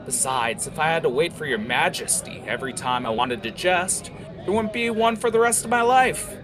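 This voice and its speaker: A man's voice: on the high side, animated, a crowd in the background, pitched above the performer's own voice, natural voice. A man voicing a wisecracking male tiefling rogue who mocks his friends. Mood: mocking. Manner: mocking, quick-tempered, jeering.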